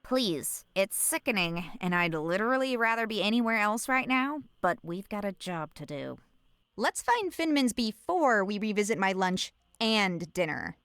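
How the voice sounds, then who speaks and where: A squeamish, sarcastic sidekick. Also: female voice, medium pitch, sing-song, moderate pace, fairly bright tone, clean tone, no echo, clean studio sound. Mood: disgusted. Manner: dramatic, exasperated. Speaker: game character.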